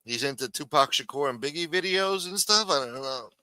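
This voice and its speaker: A man hosts a live show and rants with profanity and sarcasm. His voice is bright and forceful. The sound is dry and close. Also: on the high side, expressive, fairly quick, no echo. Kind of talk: profane live-stream rant.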